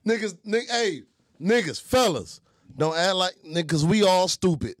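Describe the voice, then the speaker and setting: A man co-hosting a podcast in casual chat, loud and profane, laughing often. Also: sits high, lively intonation, normal speed. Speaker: podcast co-host.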